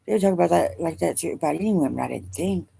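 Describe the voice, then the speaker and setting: A middle-aged woman speaking haltingly and wearily in a personal video diary, emotional as she talks. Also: on the low side, lively intonation, gravelly, dark tone, husky. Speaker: vlogger.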